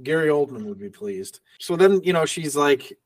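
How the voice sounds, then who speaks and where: A man's voice: fairly high pitch, expressive, moderate pace, no echo, distant mic. A man co-hosting a movie podcast in casual chat, rambling and laughing often as he acts out little quotes. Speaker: podcast co-host.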